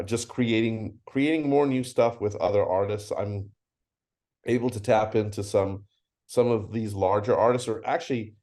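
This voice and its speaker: Middle-aged guy, slightly low voice, chatty founder acting out little stories. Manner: animated storyteller acting out dialogue. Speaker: convention founder. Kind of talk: casual interview.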